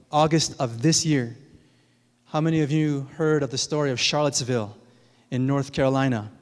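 A man preaching a sermon to his congregation as pastor, earnest and building to emphatic peaks. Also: on the high side. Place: large church sanctuary. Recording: long hall reverb.

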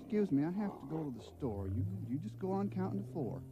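A man's voice: fairly high pitch, big pitch swings, fast, very noisy. A man singing and speaking a counting song in a playful, bouncy, sing-song way. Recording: dull lo-fi 1970s TV audio with music.

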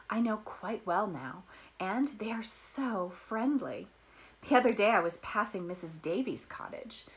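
A woman voicing an eager, kind young peasant girl who talks in a bright, excited way. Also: mid-range voice. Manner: bright and excited, bubbling with thanks.

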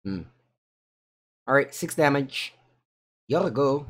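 Italian-accented streamer, live card game commentary, mostly mumbled asides broken by loud excited yelps. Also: male voice, medium pitch, takes it slowly. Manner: muttering thoughts aloud, with sudden excited outbursts.

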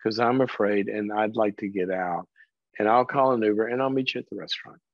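A man's voice: on the low side, a little fast, dry recording, highs cut off. A middle-aged man hosting a call-in advice show, playful and emphatic, teasing the caller to make his point. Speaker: call-in show host, counselor.

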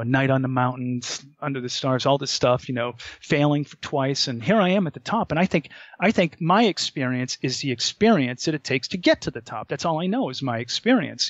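A man telling a story as a podcast guest, animated and full of restarts as he acts out his own dialogue. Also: medium pitch, no room sound, muffled recording.

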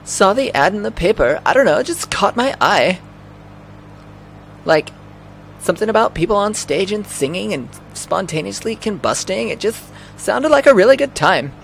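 Guy putting on a higher young lady cop voice for a game, a bit gravelly underneath. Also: sing-song, normal speed, slight background noise, heavily acted, poor audio. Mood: earnest. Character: young female cop, composed, reserved.

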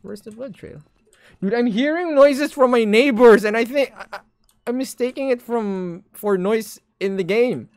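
A young Filipino woman with a hoarse voice, loudly reacting and swearing as she plays a horror game live, mixing Tagalog into her English. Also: on the high side, normal speed, dry recording, studio quality. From Philippines. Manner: loud, jumpy, swears often, mixes Tagalog into English. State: hoarse from shouting. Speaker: streamer.

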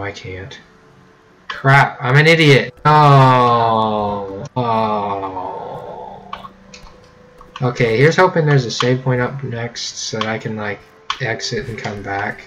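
A man giving casual gameplay commentary, rambling and self-mocking with sudden excited yelps. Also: fairly low pitch. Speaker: let's play gamer. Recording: keyboard clicks audible behind.

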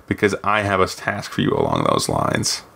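Guy reading as a sharp woman governor, low gravelly voice, smooth and probing. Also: wildly swooping pitch, moderate pace, heavily acted. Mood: pointed. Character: shrewd imperial woman governor. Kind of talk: audiobook reading.

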